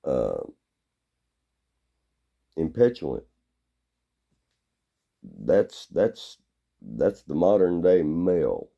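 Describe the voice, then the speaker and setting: A man giving a blunt, gruff, rambling opinion monologue. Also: a bass voice, very animated, drawn-out words, pauses often, mellow.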